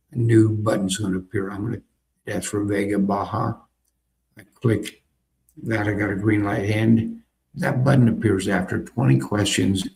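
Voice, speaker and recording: A man with a fairly low, darkish voice and vocal fry clicks through a learning game in a casual screen-recorded tutorial. As a software demonstrator, he thinks aloud and repeats himself.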